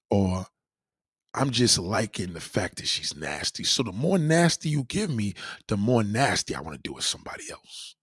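Crude, husky-voiced male podcast host. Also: fairly low pitch, no room sound, clean studio sound. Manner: crude, profane, animated storytelling. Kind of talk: casual comedic monologue.

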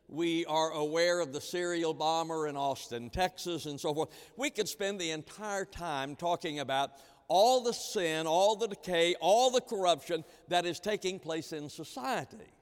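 Emphatic preacher in a reverberant hall. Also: male voice, a little high, clean tone. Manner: emphatic, repeats key phrases, swings between loud and hushed. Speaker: pastor. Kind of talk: sermon.

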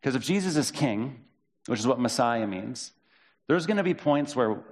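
A man preaching a sermon as pastor, in a conversational way, reading and paraphrasing scripture with lively quoted voices. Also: medium pitch, normal speed.

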